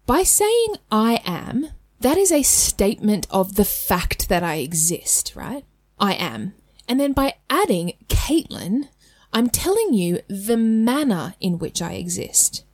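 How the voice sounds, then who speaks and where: A chatty Australian woman hosts a casual lesson, often checking in with "right?" and "okay?" and slipping in light laughs. Her voice sits at an ordinary pitch. The recording is close and dry, with no room sound. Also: dry recording. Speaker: host. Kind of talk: casual educational talk.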